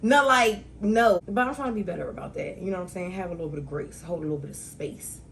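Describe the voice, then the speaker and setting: A young woman hosts her own talk show solo, rambling through casual, slang-filled stories at a very fast pace. Her gravelly voice sits a little low and leaps into loud, excited outbursts when she acts out a punchline. The audio is poor, with a faint hum of room ambience behind her.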